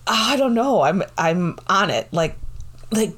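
A woman's voice: medium pitch, takes it slowly. A woman chatting casually on a podcast, telling a funny story with lots of laughter and acted-out sound effects. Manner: animated storyteller, laughs often, acts out sounds and quotes. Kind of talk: casual chat.

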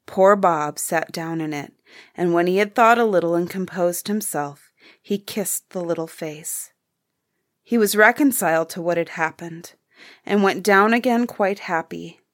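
A woman narrating a classic story for an audiobook in a calm, measured storytelling manner. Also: lowish voice.

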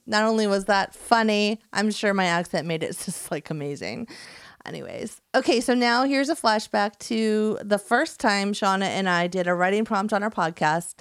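A woman's voice: mid-range voice, clean tone, no room sound. A woman co-hosting a podcast, chatting casually and reading listener writing, laughing easily and poking fun at herself. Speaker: podcast co-host.

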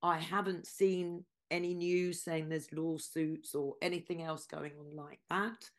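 A woman's voice: sits low, little pitch movement, unhurried. A woman with a Scouse accent hosting a casual news show, chatty with sarcastic asides.

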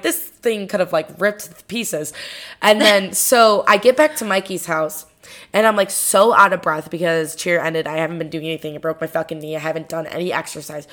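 Bright-voiced young woman telling a story. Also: on the low side. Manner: chatty, lots of fillers and swearing. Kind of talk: casual storytelling.

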